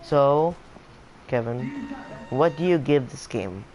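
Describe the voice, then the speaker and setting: A man co-hosting a casual game review, steering the topics and giving measured opinions. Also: mid-range voice, lively intonation, a little mellow, slight background noise, poor audio. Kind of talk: casual chat.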